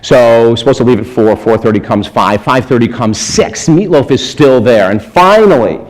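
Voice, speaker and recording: A man giving a storytelling sermon as a spiritual speaker, animated, chuckling often and acting out the people in his stories. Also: medium pitch, moderate pace, low-quality recording. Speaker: spiritual speaker and life coach. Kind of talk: storytelling sermon to a live audience.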